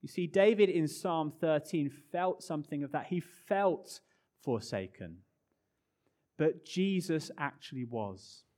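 A man preaching a sermon with earnest emphasis, dropping to hushed low phrases and rising again.

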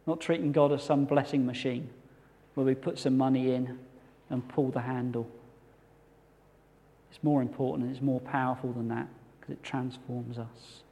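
A man preaching a sermon as a pastor, earnest and measured with touches of light humour. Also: medium pitch, mellow. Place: church hall. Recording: long hall reverb.

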